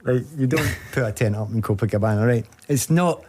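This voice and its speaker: A man with a Scottish accent, a guest telling a funny football story in casual chat, animated and laughing often as he acts out the voices of the people he met. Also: medium pitch, brisk. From Scotland.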